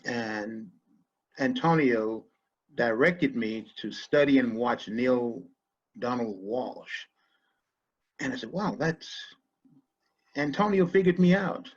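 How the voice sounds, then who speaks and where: Male podcast guest, husky voice, thoughtful and halting, muffled lo-fi audio. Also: medium pitch, lively intonation. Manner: halting, repeats words, reflective. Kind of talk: casual conversation.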